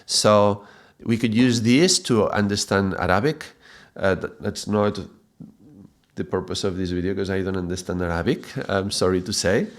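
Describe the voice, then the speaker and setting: A man teaching a lesson, speaking haltingly, often repeating words and checking in with "yeah?". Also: sits low. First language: Spanish. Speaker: mantra teacher. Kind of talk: explanatory video lesson.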